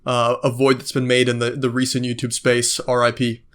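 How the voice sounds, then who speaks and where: A man's voice: medium pitch, monotone, normal speed, a bit bright, clear, resonant tone. Brief: male vlogger, mid-range voice, rambling and heated, curses freely. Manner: ranting, profane, many fillers. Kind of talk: casual monologue.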